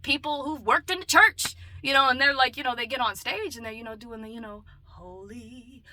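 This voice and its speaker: Woman vlogger, bright voice, on the high side, chatty, loud bursts and muttered asides. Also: brisk. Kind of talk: casual talking-to-camera vlog.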